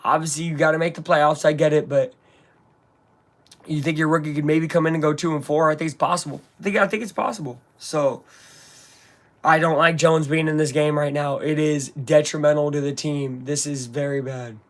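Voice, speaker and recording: Man, slightly high voice, live fan play-by-play, casual and rambling, openly frustrated. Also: fairly even intonation, moderate pace. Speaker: fan watch-along commentator.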